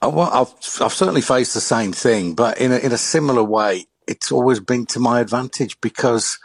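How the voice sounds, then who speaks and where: Birmingham guy on radio, husky, keeps restarting, joking at himself. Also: medium pitch, dry recording. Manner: self-deprecating, halting restarts. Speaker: broadcaster, radio guest. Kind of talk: radio studio discussion.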